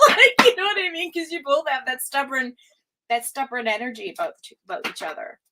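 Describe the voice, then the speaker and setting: A woman's voice: on the high side, sing-song, a little fast, very noisy. A woman giving a live tarot reading, talking casually with lots of fillers, frequent laughs and a bit of swearing. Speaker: tarot reader. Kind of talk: live-stream psychic reading.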